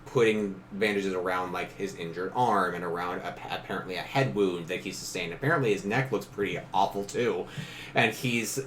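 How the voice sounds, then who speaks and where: A man's voice: low-pitched, moderate pace, a bit bright, slight background noise. A man narrating as game master in a casual tabletop session, laughing often and briefly acting out characters.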